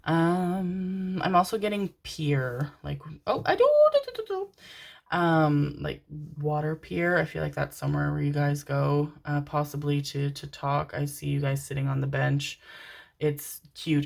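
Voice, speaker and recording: A woman's voice: low voice, vocal fry, a little mellow. A young woman giving a rambling, chatty tarot reading to her viewers, with laughs and the odd swear. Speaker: tarot card reader. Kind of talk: casual pick-a-card reading.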